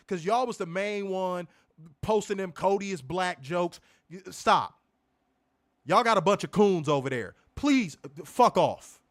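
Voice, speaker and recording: A man's voice: high-pitched, a bit bright. A man co-hosting a wrestling review stream, ranting angrily and profanely with emphatic, insistent delivery. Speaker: wrestling show co-host. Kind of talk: heated profane rant on a stream.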